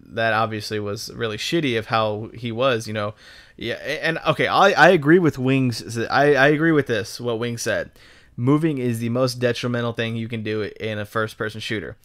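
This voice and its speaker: A young Texan gaming YouTuber talks casually and rambles over gameplay, swearing often and filling gaps with ums and restarts. His voice is lowish with a fairly bright tone.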